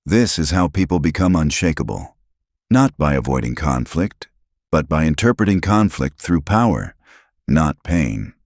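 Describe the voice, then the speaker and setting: Very deep-voiced male self-help narrator. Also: very animated, a little mellow, no echo, clean studio sound. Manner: dramatic, with short punchy phrases and pauses. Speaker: audiobook narrator.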